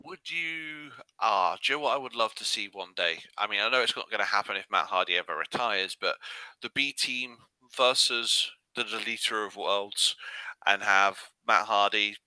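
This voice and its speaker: A man's voice: on the low side, normal speed, pushed and bright, smooth, dry recording, low-quality recording. A man co-hosting a podcast, chatting casually and often restarting his sentences mid-thought. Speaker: podcast co-host. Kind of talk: casual chat.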